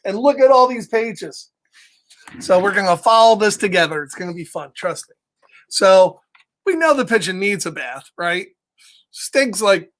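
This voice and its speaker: A man's voice: sits high, a bit bright. A man reading a picture book aloud to children, playful and chuckling as he talks to his young listeners. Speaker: children's storyteller.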